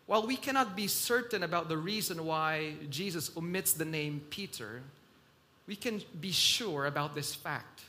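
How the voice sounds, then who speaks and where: A man preaching a sermon in a slow, emphatic delivery that swells loud and drops soft. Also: high voice.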